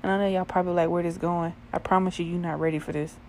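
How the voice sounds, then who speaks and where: A young woman telling a crude, profane story in a casual, animated way, often laughing. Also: fairly low pitch, quick pace, slight background noise. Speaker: vlogger.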